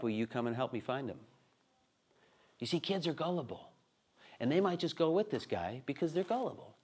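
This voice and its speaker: A fairly high-voiced man in his thirties leads a class for students. He tells playful family stories, acting them out with gestures, and keeps the room involved. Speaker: speaker teaching a college-prep session. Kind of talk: lively classroom teaching with stories.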